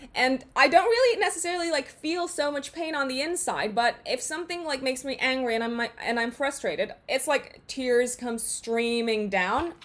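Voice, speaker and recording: A woman's voice: high voice, animated, normal speed, hardly any pauses. A young adult woman talking casually to viewers as an astrologer, chatty and full of fillers and restarts. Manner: chatty, frequent fillers and restarts, laughs at herself.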